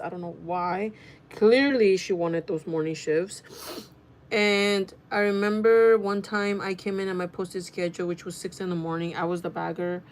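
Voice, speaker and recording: A woman telling a casual storytime vlog, chatty and animated, swearing freely and talking in quick bursts. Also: medium pitch. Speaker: vlogger.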